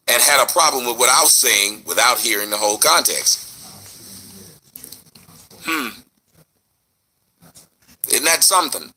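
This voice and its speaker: A man hosting his online show, answering a critic in an animated, rhetorical commentary rant. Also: mid-range voice, slight background noise. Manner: animated, rhetorical, mocking retorts.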